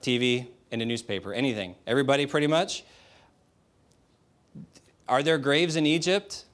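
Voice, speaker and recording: A man's voice: medium pitch, normal speed, a bit bright. A man preaching a sermon in a direct, emphatic, conversational way, asking the audience rhetorical questions. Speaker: pastor.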